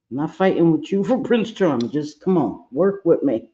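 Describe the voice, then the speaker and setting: Brief: man, makeup livestream host, chatty and playful, fairly high, mellow, muffled lo-fi audio. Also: lively intonation, normal speed, hardly any pauses. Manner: chatty, playful, scolds his own eye and brush aloud. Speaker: makeup vlogger. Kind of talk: casual makeup tutorial livestream.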